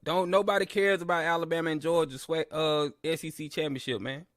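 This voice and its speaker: A slightly high, steady, bright-ish voice moves briskly in a dry recording with clean studio sound. The man hosts a live sports listen-along stream as casual fan commentary, speaking directly to his chat, trash-talking rivals boastfully and then ranting at the broadcaster.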